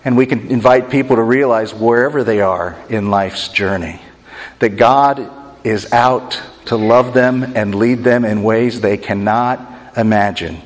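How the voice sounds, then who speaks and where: A male pastor delivers a sermon in an earnest, steady voice of middling pitch. He builds his points through rhythmic lists and repeated phrases. His words ring out with a long reverb tail, as in a church sanctuary. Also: measured pace.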